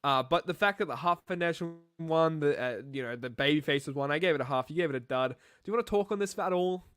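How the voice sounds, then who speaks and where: A man's voice: on the high side, fast talker, a bit bright, clean tone. A young man co-hosting a wrestling review podcast, rambling and swearing in casual chat. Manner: profane, rambling, jokey. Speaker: podcast co-host.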